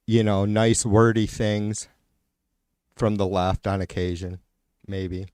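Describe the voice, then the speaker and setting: A lowish-voiced man on a live stream, venting in casual, profane, sarcastic talk. He keeps trailing off and restarting as he argues with himself. The sound is close and dry, with no room echo. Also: fairly even intonation, slow, pauses often, a little mellow, smooth. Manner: talks to a co-host, often trailing off and restarting.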